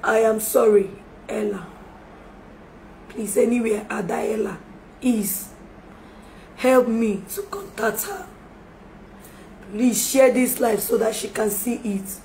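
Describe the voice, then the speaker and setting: A woman's voice: on the high side, slow, creaky, pauses often, a little mellow. A woman in an emotional live-stream appeal, pleading and apologizing again and again, recorded on a phone. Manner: pleading, repeats apologies and requests for forgiveness. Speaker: livestreamer making a public apology. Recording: echoey room with faint background noise.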